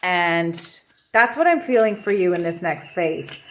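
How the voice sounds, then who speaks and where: A woman giving an intuitive tarot reading to camera from her home office, talking in a soft, meandering, reflective way. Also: fairly low pitch, lively intonation, measured pace, a little hiss or hum. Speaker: tarot reader.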